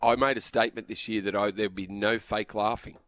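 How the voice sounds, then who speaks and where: Measured Australian sports radio co-host. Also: male voice, on the low side, steady tone, fairly bright tone, dry recording. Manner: measured, reasoning, reads ad copy.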